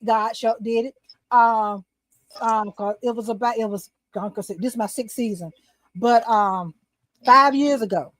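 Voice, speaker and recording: Older woman telling a lively testimony. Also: a little high, measured pace, no echo. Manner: animated testimony storytelling. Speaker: talk show host, guest. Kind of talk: casual chat, storytelling.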